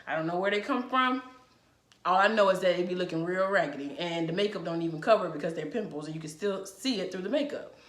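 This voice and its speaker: A woman's voice: mid-range voice, a bit bright. A woman talking to camera in a casual advice vlog, blunt, frank and emphatic, with plenty of swearing. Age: adult. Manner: chatty and emphatic. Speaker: vlogger. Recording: echoey room.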